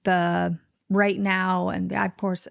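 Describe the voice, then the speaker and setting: A woman's voice: fairly low pitch, flat delivery, takes it slowly, vocal fry, dry recording, studio quality. A woman podcast host talking casually, thinking aloud and filling her speech with "like.". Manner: chatty, lots of "like" fillers, thinks aloud. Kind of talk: casual conversation.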